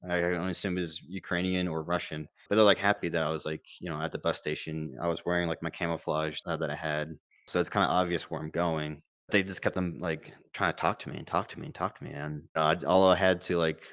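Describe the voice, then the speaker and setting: Deep low-voiced guy in his late 20s, rambling candid storytelling, dry close sound. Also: fairly bright tone, smooth, no room sound. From United States. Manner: candid, rambling, self-deprecating. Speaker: former combat medic telling his story. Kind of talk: casual storytelling.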